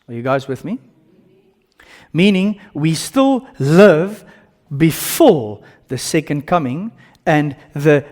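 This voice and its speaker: At a church service, a pastor who is a native Afrikaans speaker from South Africa preaches with an Afrikaans accent. His medium-pitched voice swings dramatically between loud bursts and hushed lines.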